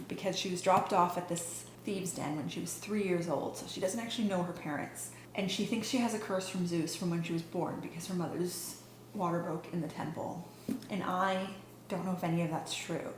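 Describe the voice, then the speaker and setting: A young woman from Western Canada talks in a relaxed, opinionated vlog style, often laughing and filling her sentences with "like." Her voice sits slightly low. The room gives it a noticeable echo, with a faint hum behind. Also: moderate pace. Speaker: book vlogger. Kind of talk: casual chat.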